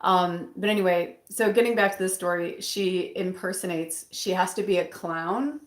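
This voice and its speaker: A woman reading tarot who talks in a loose, rambling way, trailing off and restarting often. Her voice sits slightly low for a woman. The room around her adds a noticeable echo. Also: normal speed. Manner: rambling, with many fillers and restarts. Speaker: tarot reader. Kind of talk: casual rambling chat. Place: bedroom at home. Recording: roomy echo.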